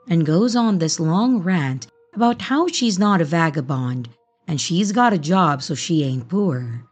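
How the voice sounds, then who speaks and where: Woman horror narrator, unhurried, animated, faint music bed. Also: deep voice, slightly rough. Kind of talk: storytelling narration. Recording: soft music bed underneath.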